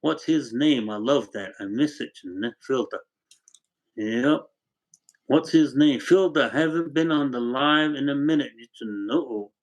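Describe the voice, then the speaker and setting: Older man, livestream host, relaxed rambling chat from home, medium pitch, thanks viewers one by one. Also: measured pace, rough recording. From Arizona. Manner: rambling, warm storytelling, thanks viewers by name. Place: home with a wood stove.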